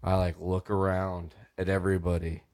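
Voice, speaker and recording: A man's voice: sits low, flat delivery, normal speed, a little mellow. A young man on a podcast telling a rowdy story, swearing and acting out voices as he goes. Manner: acts out voices, swears freely, laughs often. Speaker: podcast host. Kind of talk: animated storytelling on a comedy podcast.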